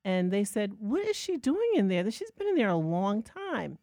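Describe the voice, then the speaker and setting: A woman co-hosting a podcast, telling a lively personal story in a casual, self-mocking way. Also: medium pitch, normal speed, no echo, studio quality. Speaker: podcast co-host.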